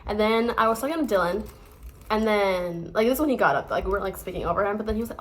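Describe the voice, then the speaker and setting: A woman's voice: medium pitch, lively intonation, very fast, a little hiss or hum. A young woman from the United States in her twenties, casually telling stories to the camera with lots of fillers and restarts. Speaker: vlogger.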